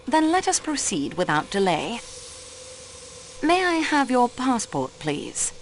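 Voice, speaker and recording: Calm, formal French woman sleuth, game role, expressive lilting delivery. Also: on the high side, slow, slight background noise. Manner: calm, polite, formal questioning. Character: composed French female investigator. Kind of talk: video game voice acting.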